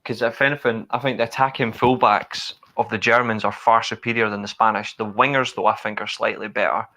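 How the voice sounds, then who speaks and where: Opinionated man, low voice. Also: fairly even intonation, fairly quick, pushed and bright. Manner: opinionated, rambling match analysis with restarts. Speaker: co-host of a football watchalong. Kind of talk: casual live-stream chat.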